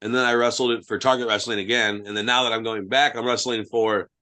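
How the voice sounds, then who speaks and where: A man's voice: mid-range voice, fairly even intonation, fast talker, pushed and bright. A young man, a guest wrestler, telling blunt, profane stories in casual podcast chat.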